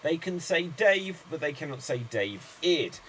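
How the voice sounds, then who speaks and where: Male improv host, brisk, announces games, fairly high voice. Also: sing-song, fairly bright tone, slight background noise. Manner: brisk announcer, rattles off long chains of names. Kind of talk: hosting an online improv show.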